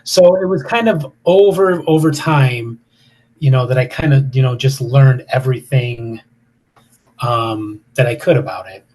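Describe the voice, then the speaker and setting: Man in his fifties, husky voice, rambling storyteller, podcast guest. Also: medium pitch, unhurried, darkish tone. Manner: rambling, many fillers and restarts. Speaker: paranormal investigator guest. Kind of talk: casual storytelling interview.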